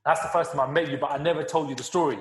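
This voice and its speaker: A man co-hosting a podcast, telling a story in a casual, animated way with frequent laughs and swearing. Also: a little high, racing, heavy background noise. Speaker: podcast co-host. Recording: roomy echo.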